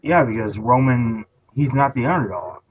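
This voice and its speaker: A man's voice: medium pitch, animated, normal speed, a little hiss or hum. A man co-hosting a casual wrestling podcast, giving blunt opinions and trailing off with fillers. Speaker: podcast co-host. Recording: muffled lo-fi podcast audio.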